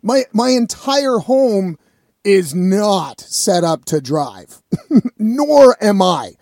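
A man's voice: sits high, sing-song, drawn-out words, a little mellow, no room sound, clean studio sound. A man telling a rambling, profane story in a casual vlog.

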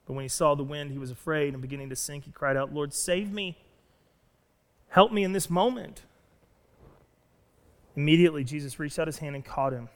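A man preaching a sermon as pastor, telling a story with animated delivery and acting out the lines he quotes. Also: mid-range voice. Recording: long reverb of a church hall.

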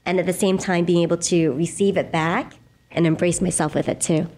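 Earnest middle-aged woman, slightly low voice. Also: fairly even intonation, a little fast. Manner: earnest, gentle, reflective. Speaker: laughter yoga leader, guest. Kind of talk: conversational interview, guided exercise.

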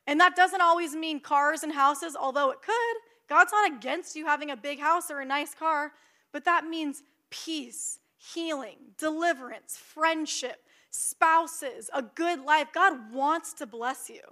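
Bright, high-voiced woman preaching. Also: unhurried. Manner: conversational, animated, acts out her inner thoughts. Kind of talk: sermon.

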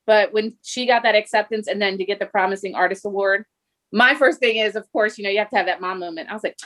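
A woman in her forties, a mother and podcast co-host, telling a story in casual chat with excitement. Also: mid-range voice, quick pace.

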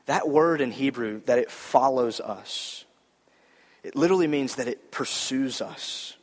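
Male preacher, sermon, earnest conversational delivery, repeats lines for emphasis, mid pitch, long hall reverb. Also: a little slow. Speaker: pastor.

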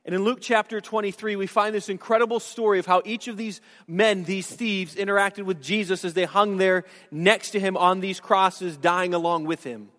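A man's voice: high-pitched, steady tone, normal speed, hardly any pauses, fairly bright tone, long reverb tail. A man preaching a sermon to his congregation, earnest and conversational, with restarts and asides. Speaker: pastor. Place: church sanctuary.

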